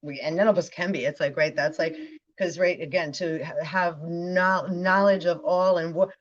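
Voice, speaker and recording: A woman's voice: on the low side, fairly even intonation, moderate pace, lo-fi sound. A woman giving a rambling spiritual monologue, talking in a stream of consciousness and often checking in with "right". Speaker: spiritual vlogger.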